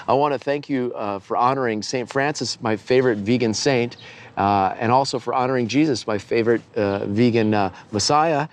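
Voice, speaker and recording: A man telling an animated story as an activist, acting out the people he quotes. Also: mid-range voice, moderate pace. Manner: lively, acts out quoted voices.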